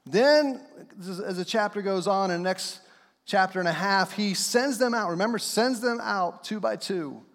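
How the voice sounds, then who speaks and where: A male pastor preaching a conversational, animated sermon in a church, acting out the voices of the people he talks about. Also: high-pitched, moderate pace. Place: church sanctuary. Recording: long hall reverb.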